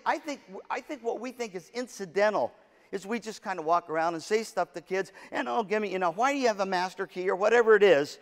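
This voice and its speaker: A man giving a humorous, story-driven keynote talk to music teachers, joking and self-deprecating, recorded in a large conference hall. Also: high-pitched. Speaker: keynote speaker to band directors. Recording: long reverb of a large hall.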